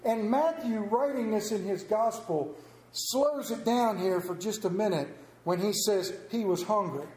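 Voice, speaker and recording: High-voiced folksy preacher in an echoey church. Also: male voice, darkish tone. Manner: folksy, storytelling preacher who jokes about himself. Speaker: pastor. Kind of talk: sermon.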